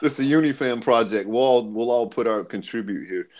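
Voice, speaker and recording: A man's voice: medium pitch, a little fast. A man joining a casual online panel chat, talking in a crude, joking, laid-back way.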